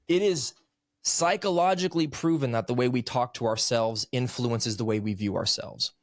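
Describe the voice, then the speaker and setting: A man's voice: medium pitch, normal speed, dry recording, clean studio sound. Earnest man telling a personal story. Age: 30s. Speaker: podcast guest, author. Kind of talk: conversational storytelling.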